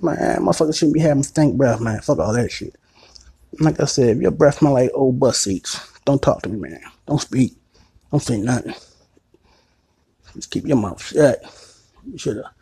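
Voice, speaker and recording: A man's voice: mid-range voice, animated, moderate pace, creaky, long pauses, warm tone, slightly rough. A man giving a rambling, crude comic rant, repeating himself and putting on other people's voices. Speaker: comedic ranter.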